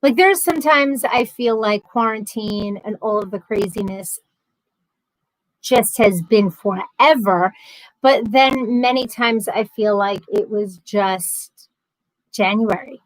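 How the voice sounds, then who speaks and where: A woman's voice: mid-range voice, takes it slowly, no room sound, poor audio. A woman, hosting a casual livestream, chatting and reading out viewer comments, laughing easily. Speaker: livestream host.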